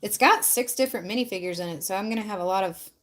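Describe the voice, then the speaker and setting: A woman's voice: mid-range voice, fast talker, a bit bright. Chatty woman hosting a casual livestream. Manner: chatty, talks directly to viewers; loose, filler-heavy talk with frequent ums and likes. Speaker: livestream host.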